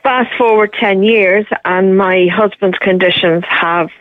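A middle-aged woman calling a radio show, telling her situation in a steady, matter-of-fact way with pauses and ums. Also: mid-range voice, no room sound. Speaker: caller. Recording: tinny phone line.

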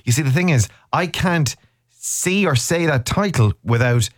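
A man's voice: fairly high pitch, expressive, measured pace, dry recording, clean studio sound. A man in his thirties hosting a radio show, chatting casually with a co-host in a rambling, teasing way. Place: radio studio. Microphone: studio microphone.

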